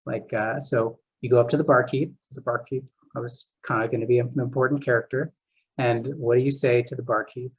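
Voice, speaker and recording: A man's voice: medium pitch, flat delivery, fairly quick, breathy edge, low-quality recording. A man who runs therapy groups as a game master, giving a casual seminar talk full of "like" and "uh" fillers. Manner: casual, filler-heavy, many "like" and "uh". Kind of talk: seminar lecture.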